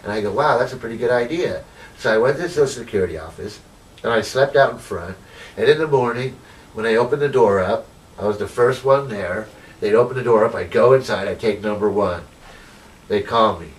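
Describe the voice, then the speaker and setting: Sitting far from the mic on a rough recording, a man who was once homeless shares his life story during an interview. His voice is fairly low and fairly quick, and his telling wanders, peppered with "you know" and reenacted conversations with others.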